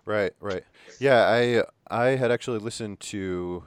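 A man's voice: fairly low pitch, measured pace, clean tone, no echo. A man hosting a horror podcast, chatting loosely with plenty of fillers and the odd swear word. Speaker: podcast host. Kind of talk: casual podcast interview.

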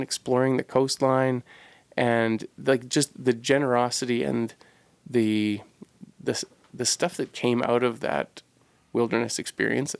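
A man's voice: mid-range voice, gravelly, no echo. A man co-hosting a podcast, telling a personal story in an earnest, reflective way and searching for his words as he goes. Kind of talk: casual storytelling.

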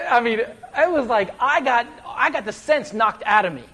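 A man preaching a sermon, telling stories animatedly and swinging between loud bursts and soft, hushed asides. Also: very high-pitched, expressive, moderate pace, hardly any pauses, husky. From West Virginia.

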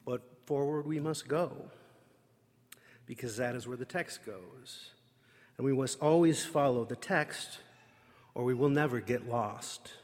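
A man's voice: medium pitch, unhurried, pauses often. A man giving a sermon in a conversational, wry way, stopping himself mid-thought and joking between readings. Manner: wry, self-interrupting, conversational. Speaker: preacher. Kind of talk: sermon with humorous asides. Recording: reverberant hall.

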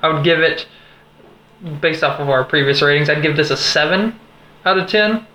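A man's voice: on the high side, moderate pace, sharp tone. A man co-hosting a casual podcast, chatting loosely with many fillers and frequent laughs. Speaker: podcast co-host. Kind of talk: casual chat. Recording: echoey room, faint background noise.

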